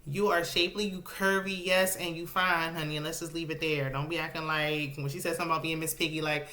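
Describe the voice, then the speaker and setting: A woman's voice: low-pitched, fast talker. A woman, casually recapping a reality show in a sassy, chatty way. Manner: chatty, sassy, animated with dialect speech.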